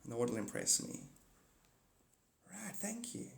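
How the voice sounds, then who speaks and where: A man hosting a casual livestream, rambling excitably, swearing freely and cutting himself off mid-thought. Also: sits high, unhurried, creaky, roomy sound. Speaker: livestream host.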